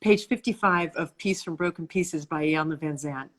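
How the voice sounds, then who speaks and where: A middle-aged woman hosting a live video interview, speaking calmly and encouragingly and reading a passage aloud with care. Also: low-pitched, normal speed, hardly any pauses. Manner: calm, encouraging, reads aloud carefully. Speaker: host interviewing a guest. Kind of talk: warm conversational live interview. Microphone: phone on a live video call.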